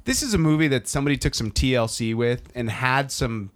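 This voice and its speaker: A man hosting a casual chat about movies, telling stories in a loose, profane, animated way. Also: medium pitch, a little fast.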